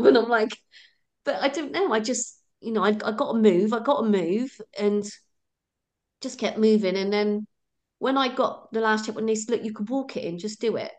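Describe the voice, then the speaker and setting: A middle-aged woman, a runner guest telling her stories in a chatty, laughing way. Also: mid-range voice. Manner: chatty, laughs often, acts out her own thoughts. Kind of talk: casual storytelling interview.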